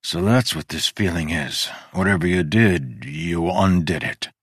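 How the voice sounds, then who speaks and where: A man's voice: sits low, measured pace, a bit bright, slightly rough, dry recording, studio quality, exaggerated voice. A man voicing a weary, devoted human man, earnest and blunt, in an audiobook reading. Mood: shaken, blunt.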